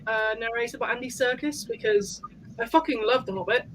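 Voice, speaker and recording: A woman's voice: on the high side, big pitch swings, fairly quick, slight background noise, rough recording. A woman guest in a casual book club chat, talking thoughtfully in long rambling turns, with some casual swearing.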